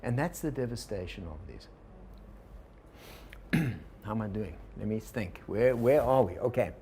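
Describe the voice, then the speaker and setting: Relaxed man lecturing a workshop. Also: lowish voice, unhurried, slight background noise. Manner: relaxed, digressive, asks the audience questions. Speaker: organizational consultant teaching a workshop. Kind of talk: lecture to a live group.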